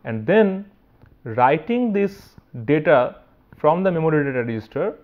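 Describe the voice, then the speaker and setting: A male university lecturer with an Indian English accent walks through technical material step by step, often pausing to ask "right?". His voice sits a little high for a man. The recording sounds dull and lo-fi. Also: sing-song. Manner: explanatory, with frequent "right" and restarts.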